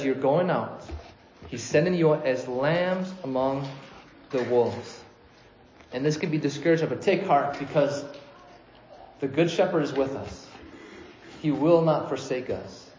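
A man preaching a sermon in a conversational way, getting animated when he quotes people and often restarting his sentences. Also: fairly high pitch, unhurried, pauses often, slight background noise. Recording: echoey room, slightly dull sound.

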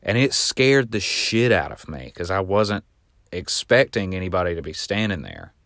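A man hosting a podcast, telling a long personal story in a casual, rambling way and getting animated when he reenacts what people shouted. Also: sits low, normal speed, vocal fry, no echo, studio quality. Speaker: podcast host.

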